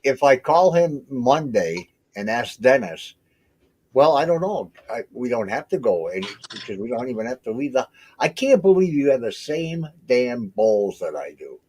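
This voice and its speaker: A man's voice: mid-range voice, very animated, moderate pace, a little mellow, breathy edge. An older man in a casual video call chat, teasing his friends and laughing often.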